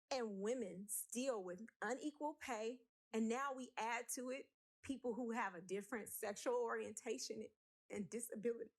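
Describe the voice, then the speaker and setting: A woman speaking at a city council meeting, emotional, blunt and emphatic as she argues her point. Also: a little high. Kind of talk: impassioned council meeting speech.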